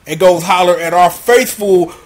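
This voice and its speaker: A man reviewing a show in a profane, slang-heavy, animated comedic recap. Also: high-pitched, normal speed.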